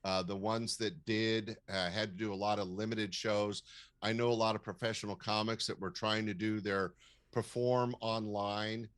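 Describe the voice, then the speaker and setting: An older man with a low voice shares advice from his years in comedy. He talks in a measured, storytelling way, with plenty of fillers. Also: little pitch movement, a bit bright. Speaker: comedy producer and club owner, guest. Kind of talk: casual interview talk, advising.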